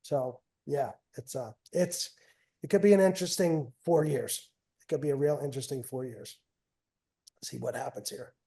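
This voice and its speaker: A man's voice: medium pitch, normal speed, gravelly, mellow. A middle-aged man, telling stories as a guest in a casual, rambling way and often repeating himself. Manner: rambling, repeats phrases, trails off. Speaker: guest, wrestling coach and father. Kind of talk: casual storytelling.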